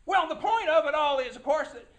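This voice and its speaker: A man puts on a high, bright little-girl voice for Red Riding Hood, breathless and rambling, her tone swooping up and down. She repeats herself in a folksy told-aloud tale, and the sound rings in an echoey room. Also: lively intonation, brisk. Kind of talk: folksy storytelling performance.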